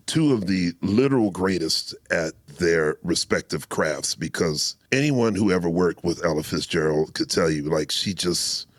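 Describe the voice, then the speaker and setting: A man with a fairly low voice hosts a relaxed podcast conversation. He builds his points eagerly, and the close, dry sound has no room in it. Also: no echo. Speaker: podcast host. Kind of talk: casual interview chat.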